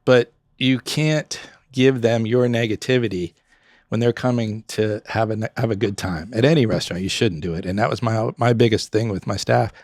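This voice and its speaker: A middle-aged man with a gravelly, fry-edged voice talks casually as a podcast guest, recorded close and dry with no room around him. He tells restaurant stories with energy and slips into quick voices for customers and servers. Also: fairly low pitch, no room sound. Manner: animated storyteller, acts out customers and staff. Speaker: guest, former pub owner.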